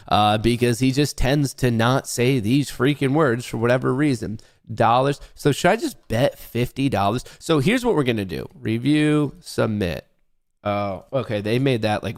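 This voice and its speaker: A man hosting a casual livestream, talking to his chat in an excitable, rambling way and swearing freely. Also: mid-range voice. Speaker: livestream host.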